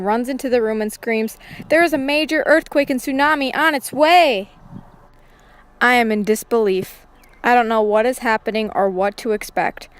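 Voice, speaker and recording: A woman's voice: medium pitch, clean tone. A woman reading a first-person realistic fiction story aloud, voicing the characters' lines lightly in her own voice.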